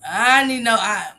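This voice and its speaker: A woman hosting a casual livestream, reacting emphatically to viewer comments, blunt and quick to laugh. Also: fairly high pitch, pushed and bright. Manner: laughs often, blunt and profane. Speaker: livestream host reading viewer chat.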